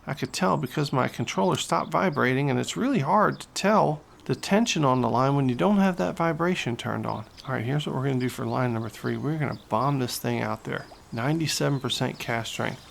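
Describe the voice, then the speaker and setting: A man giving excitable, playful gameplay commentary as host of his gaming channel. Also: fairly high pitch, normal speed, creaky, a little hiss or hum. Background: loud game music.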